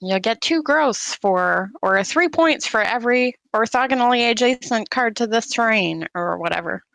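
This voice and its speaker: A woman's voice: a little high, lively intonation, normal speed, creaky, fairly bright tone, no echo, low-quality recording. A woman from Canada, a fellow player chatting casually and patiently explaining rules, with light teasing. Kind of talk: casual chat during a board game.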